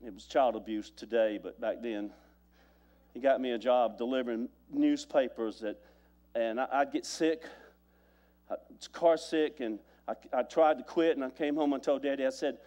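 A man's voice: mid-range voice, moderate pace, darkish tone. A man preaching a sermon as pastor, telling stories with repeated phrases and stammered restarts.

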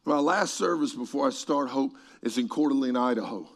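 A middle-aged man preaching a sermon and telling stories, moving between quiet passages and shouted peaks. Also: mid-range voice, brisk, vocal fry. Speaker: pastor. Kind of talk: sermon storytelling.

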